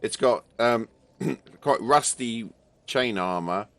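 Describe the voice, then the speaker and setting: A man, tired and hoarse, narrating a tabletop game as game master with casual swearing. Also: medium pitch, slow pace, no echo. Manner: swearing, laughing, lively with put-on character shouts.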